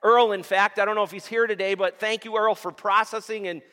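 Fairly quick and sharp, this pastor's high voice keeps a fairly even intonation. He preaches to his congregation in a church sanctuary, asking questions and waiting for their responses, while long hall reverb colors the recording.

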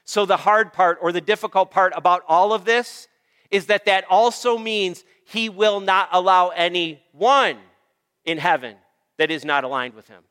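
A man's voice: high-pitched, unhurried, fairly bright tone, clear, resonant tone, in a large hall. A man preaching a sermon as pastor, emphatic and repetitive, calling on the congregation for amens. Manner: emphatic, repeats phrases, calls for amens.

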